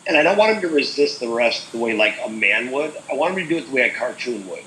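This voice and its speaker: A man's voice: mid-range voice, expressive, fast talker, sharp tone, slight background noise. Rambling man in an echoey room. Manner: rambling, full of "like" and "uh". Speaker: co-host. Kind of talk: casual chat.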